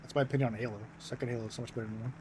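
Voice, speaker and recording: A man's voice: medium pitch, flat delivery, very fast, rough recording. A young American man chatting casually on stream in a mid-range voice, rambling and restarting his sentences with lots of fillers. A faint noise sits under his voice. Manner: rambling, filler-heavy, self-interrupting.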